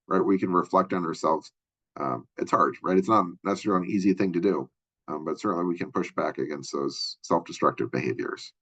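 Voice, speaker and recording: A man teaches a recorded college lecture in a very low, husky voice. He talks quickly and loosely, with fillers and friendly asides. The sound is dull and lo-fi. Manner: conversational, many fillers and asides. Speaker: college instructor.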